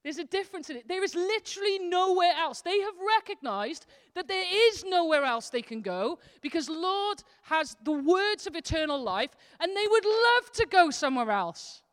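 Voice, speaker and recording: A woman's voice: very high voice, very animated, moderate pace, few pauses, a bit bright. Earnest woman preaching in a reverberant hall. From Wales. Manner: earnest, conversational preaching with shifting intensity. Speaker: associate pastor. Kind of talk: sermon. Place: church hall. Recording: long church hall reverb.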